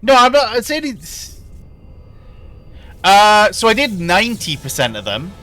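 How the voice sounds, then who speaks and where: A man chatting loosely to viewers as he plays, laughing and joking between moments of play. His voice is bright and sits high, with a lot of swing in pitch. Game music plays faintly underneath. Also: wildly swooping pitch, unhurried. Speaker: streamer. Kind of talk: casual gaming commentary.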